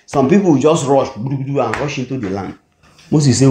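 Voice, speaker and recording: A man with a Nigerian English accent delivers a sermon in a church hall. His voice is mellow and unhurried in tone. He keeps prompting his listeners to call out the missing words, and the room adds an echoing ring to it all. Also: mid-range voice, expressive, a little hiss or hum. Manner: call-and-response, asks the congregation "what?" to fill in words. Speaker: preacher. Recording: echoey hall recording.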